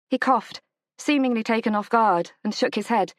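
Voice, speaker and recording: A woman narrating a romance audiobook in a measured, gentle storytelling manner. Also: no room sound. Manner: measured, gentle storytelling, lifts pitch for the heroine's lines. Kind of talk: scripted narration of a romance novel.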